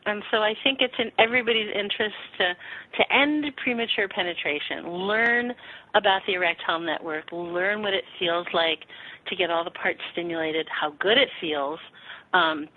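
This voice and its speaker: A woman sexuality teacher answering interview questions frankly and warmly, acting out little quotes as she explains. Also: lowish voice, normal speed, no room sound. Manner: frank, animated, acts out quotes with laughs. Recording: tinny phone-line sound.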